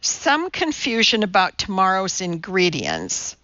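Woman doing flustered young woman secretary, hesitant, apologetic, slow, bright, dull audiobook sound. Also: medium pitch, huge pitch swings, no echo, exaggerated voice.

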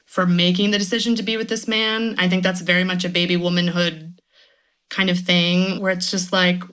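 A woman's voice: fairly low pitch, flat delivery, moderate pace, a bit bright. A woman who is a guest writer on a podcast, talking thoughtfully in casual chat and laughing now and then.

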